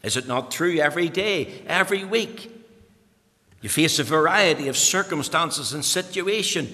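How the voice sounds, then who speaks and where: A man preaching a sermon, reading scripture slowly and building to impassioned emphasis. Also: lively intonation, pushed and bright. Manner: rises to impassioned, high-pitched emphasis; slow, deliberate scripture reading in old-fashioned wording. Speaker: pastor. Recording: long hall reverb.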